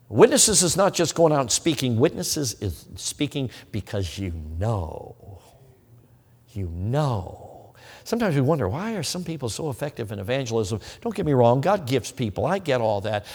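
Emphatic preacher in a reverberant hall. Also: male voice, mid-range voice. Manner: emphatic, swings between loud and hushed. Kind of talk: evangelistic sermon with altar call. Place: church sanctuary.

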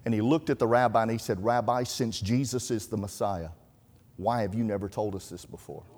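A man's voice: medium pitch, a little mellow. A man preaching a sermon, telling folksy stories and quoting scripture. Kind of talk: sermon storytelling. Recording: reverberant hall.

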